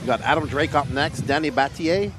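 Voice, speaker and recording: A man's voice: a little high, brisk, noisy background. Bermudian man commentating a race. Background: music.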